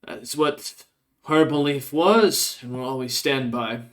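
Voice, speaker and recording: A man voicing a stern immortal old male church elder who delivers commanding proclamations at a raised pitch. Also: unhurried, fairly bright tone, lightly acted. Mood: grave.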